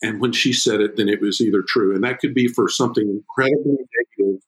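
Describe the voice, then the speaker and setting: A middle-aged man talking as a podcast guest about fatherhood, emphatic and prone to repeating words, with his pitch jumping up when he gets excited. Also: fast, poor audio. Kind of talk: animated conversational podcast talk.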